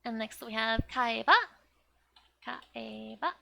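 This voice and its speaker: A young woman explains vocabulary at an unhurried pace, her slightly high voice bright and edged with vocal fry. She chats casually, with plenty of "like" and frequent laughter. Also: little pitch movement, slight background noise. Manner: chatty, laughs often, filler "like". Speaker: language teacher.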